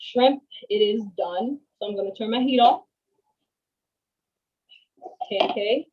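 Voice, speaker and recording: A woman's voice: on the high side, brisk, highs cut off. A woman talking casually while she cooks on a video call, chatty and slangy, often restarting her sentences. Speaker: guest cook. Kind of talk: casual cooking demo chat.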